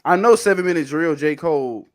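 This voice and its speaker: A young man hosting a casual podcast debate, animated and argumentative, sometimes dropping to low asides. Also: fairly quick, a crowd in the background. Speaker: podcast host.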